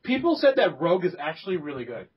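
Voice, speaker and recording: A young man hosts a casual gaming podcast with a somewhat high, husky voice. He rambles through his points with fillers, restarts and laughter. The recording is dull and lo-fi. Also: very animated, fast. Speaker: podcast host.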